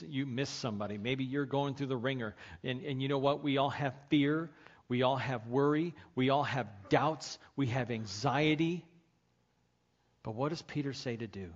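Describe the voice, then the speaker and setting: Husky-voiced preacher, dull lo-fi sound. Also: male voice, medium pitch. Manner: impassioned, swells from hushed to pleading. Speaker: pastor. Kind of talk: sermon.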